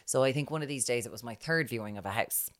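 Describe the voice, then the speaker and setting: An Irish woman co-hosting a chatty podcast, telling stories animatedly and acting out other people's words, often dropping to a hushed voice. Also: a bass voice, fast. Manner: animated storyteller who acts out quotes, often dropping to a hushed voice. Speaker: podcast co-host. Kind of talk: casual chat, storytelling.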